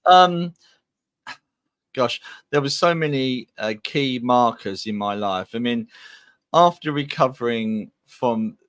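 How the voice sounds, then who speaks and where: A man's voice: medium pitch, takes it slowly, a bit bright, clear, resonant tone, no echo. A man from England, a guest medium, telling his life story in a chatty, rambling way on a video call podcast. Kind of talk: casual podcast interview.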